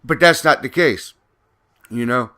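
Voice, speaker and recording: A man with a bright, edgy voice delivers loose gameplay commentary as a YouTuber. He rambles, swears freely and gets heated as he makes his points. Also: mid-range voice, unhurried, clean tone. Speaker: gaming YouTuber. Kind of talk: casual ranting commentary.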